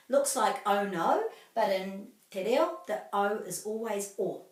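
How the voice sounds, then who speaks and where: A woman teaching pronunciation, slowly and carefully drilling each word with repetition. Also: medium pitch, expressive. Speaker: language teacher. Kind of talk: pronunciation lesson. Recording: echoey room, mic at a distance.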